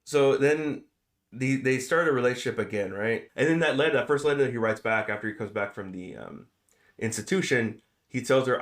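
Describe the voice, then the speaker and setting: A man casually retelling a film's plot on a podcast, animated and joking. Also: mid-range voice. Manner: animated retelling, quick jokes. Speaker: podcast host. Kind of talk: casual movie discussion.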